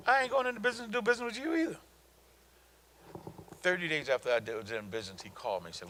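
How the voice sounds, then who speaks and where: Lively, bright-voiced man giving a motivational talk. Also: high voice, racing, slight background noise, rough recording. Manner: emphatic, colloquial, storytelling with repeated punchlines. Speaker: guest speaker on business.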